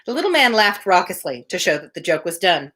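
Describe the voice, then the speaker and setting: A woman's voice: on the low side, big pitch swings, a little fast, bright, forceful tone. Woman reading a story aloud, chatty. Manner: chatty, laughing asides between passages. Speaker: reader.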